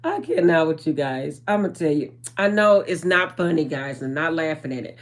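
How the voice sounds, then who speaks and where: A woman with a deep voice speaks at a moderate pace, channeling spiritual messages in a casual vlog. She chats directly to her viewers, calling them "guys" and trailing off with "um."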